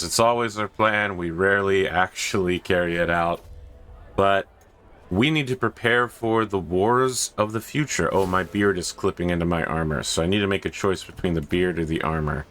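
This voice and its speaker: A man with a very low, deep voice talks through a strategy game in a loose, casual way, tossing in joking and self-mocking asides. Faint music plays quietly beneath him. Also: normal speed. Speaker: gaming video host. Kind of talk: casual gameplay commentary.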